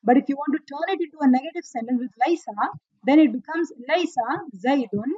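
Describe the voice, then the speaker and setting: A woman teaching an online Arabic grammar lesson. She explains patiently, checks in with "okay?" and "right?", and reads verses quickly. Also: sits high, mellow, no room sound, lo-fi sound.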